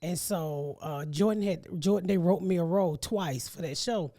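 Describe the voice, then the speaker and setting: A middle-aged woman, telling stories as a podcast host, animated and profane, laughing often. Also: fairly low pitch, normal speed. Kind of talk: casual storytelling chat.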